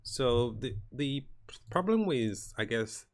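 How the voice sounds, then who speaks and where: A man giving casual commentary on a strategy game as he plays, thinking aloud in a relaxed way. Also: mid-range voice, takes it slowly. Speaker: gaming commentator. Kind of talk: casual live gameplay commentary.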